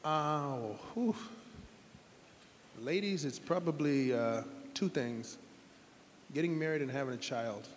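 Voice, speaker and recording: A man's voice: mid-range voice, slow, pauses often, big-room sound, a little hiss or hum. A middle-aged man, a former football quarterback, telling heartfelt stories in an interview with earnest, rambling restarts. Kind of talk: interview storytelling.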